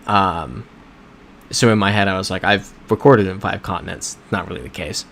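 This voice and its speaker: Low-voiced man chatting on a livestream. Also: moderate pace, gravelly, fairly bright tone, a little hiss or hum. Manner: rambling, self-correcting, chatty with chat. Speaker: livestream host playing a geography game. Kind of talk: casual livestream chat. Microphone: desk microphone.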